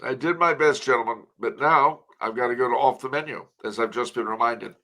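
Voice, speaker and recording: An older man with a gravelly texture tells jokes in a wry, courtly way. He sounds like a guest chatting over a video call, relaxed and polished. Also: medium pitch, brisk. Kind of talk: casual chat, telling jokes.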